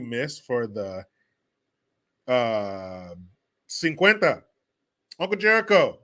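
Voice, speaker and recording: A man's voice: fairly high pitch, sharp tone. A man hosting a casual livestream, joking and swearing as he reads and answers viewer comments. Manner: profane, joking, reads chat aloud. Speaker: host.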